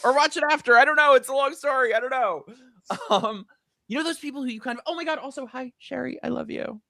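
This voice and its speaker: On a casual live stream, a middle-aged host tells a lengthy, gossipy anecdote, chatting away and jumping high in pitch whenever excitement hits. He talks at a quick pace with vocal fry. The recording is dry and studio quality.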